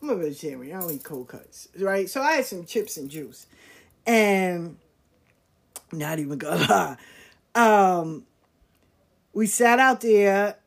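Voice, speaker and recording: A woman telling a personal story in casual, slangy talk, acting out the voices of people she quotes. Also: medium pitch. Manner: animated, acts out quoted voices, slangy and frank.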